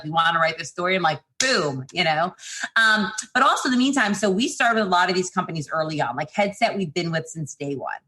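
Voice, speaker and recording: A middle-aged woman, founder of a PR agency, talking casually and quickly as a podcast guest, with many fillers and restarts. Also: lowish voice, a bit bright. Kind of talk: casual interview talk.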